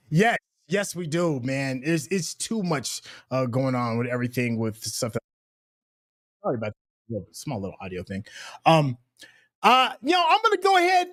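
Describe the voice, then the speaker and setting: A man's voice: fairly high pitch, sing-song, unhurried, a bit bright, dry recording, studio quality. A man hosting a casual livestream, talking straight to his viewers in a hyped, slangy way. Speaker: livestream host.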